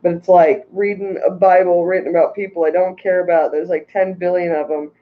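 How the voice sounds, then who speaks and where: A man's voice: high voice, little pitch movement, brisk, narrow, tinny audio. A tired man hosting a casual livestream about aquarium fish, rambling and ranting while reading out chat messages. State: tired from little sleep.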